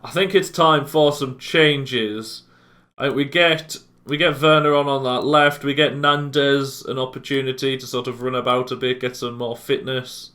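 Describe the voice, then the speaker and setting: A young man casually commentating on his own football video game match, calm between chances and bursting out loudly when goals go in. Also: medium pitch. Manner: excitable, bursts loud at goals. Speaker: gaming YouTuber.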